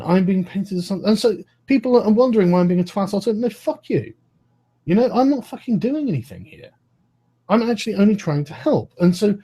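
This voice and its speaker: A man in his thirties argues on a live stream, his voice high and very lively as his pitch swings around. He talks fast and heatedly, swears freely and keeps cutting his own sentences short. His tone is dark and a little husky. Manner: swears a lot, rants, interrupts himself.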